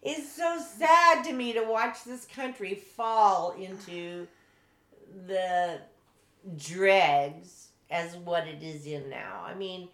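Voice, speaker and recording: A woman's voice: on the low side, takes it slowly, a bit bright. A woman co-hosting a casual political chat, blunt and exasperated, rambling with restarts. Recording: echoey room.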